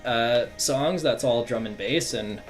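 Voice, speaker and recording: A man streaming live as a game developer, chatting casually and thinking aloud as he works, with lots of fillers and restarts. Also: slow pace. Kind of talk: casual livestream commentary while working. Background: faint drum and bass music.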